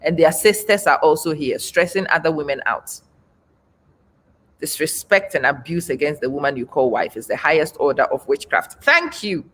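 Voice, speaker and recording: A woman in her forties hosts a live stream and reads viewer comments, speaking bluntly, frankly, and emphatically while repeating her points for effect. Her voice is deep and her speed normal.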